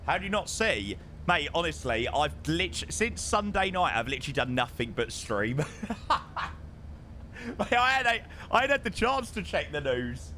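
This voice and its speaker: A man's voice: on the high side, big pitch swings, moderate pace, bright, forceful tone, a little hiss or hum. A young man streaming a flight sim, chatting casually with his chat and calling people mate, his voice strained because he is losing it.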